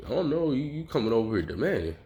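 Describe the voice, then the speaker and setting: A man's voice: medium pitch, very animated, quick pace, mellow, a little hiss or hum, voice pushed up. A man voicing a nervous young male hero who is eager to train, stammering and polite. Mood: defiant.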